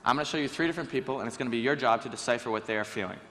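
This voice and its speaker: A teenage boy giving a lively, joking talk on stage to a school audience. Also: medium pitch, rapid-fire, a little hiss or hum. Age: teens. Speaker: student speaker. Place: school auditorium. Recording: reverberant hall with faint ambience.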